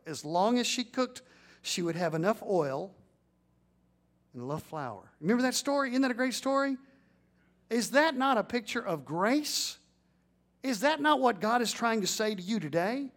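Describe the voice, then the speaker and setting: High-voiced preaching man. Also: animated, moderate pace, pauses often, a bit bright. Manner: preaching with rising emphatic peaks and call-and-response. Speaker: pastor. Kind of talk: sermon.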